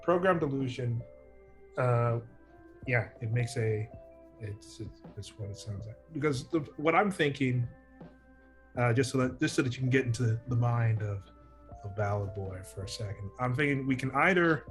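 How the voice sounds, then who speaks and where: A man's voice: mid-range voice, normal speed, faint music behind. A man playing a tabletop game, thinking aloud through plans with frequent restarts. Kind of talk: casual game table chat.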